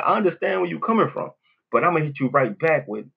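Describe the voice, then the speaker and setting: A man with a New Orleans accent holds forth alone on his podcast, blunt, profane and rambling, tossing in "you know what I'm saying" again and again. His voice sits a little high and sounds husky. The recording is dull and lo-fi. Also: lively intonation, fairly quick. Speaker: podcast host. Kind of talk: casual monologue.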